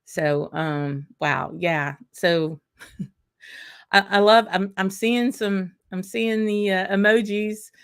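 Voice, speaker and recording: A woman chats through a casual livestream as host, excited and talkative, thanking viewers one after another. Her mid-pitched voice carries a gravelly fry, and her talk is loose and full of fillers and small laughs. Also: takes it slowly. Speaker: whisky channel host.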